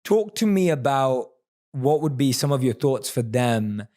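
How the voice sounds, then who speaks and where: A man's voice: medium pitch, lively intonation, dark tone. Enthusiastic male podcast host. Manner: enthusiastic, affirming, quick bursts. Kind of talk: podcast interview.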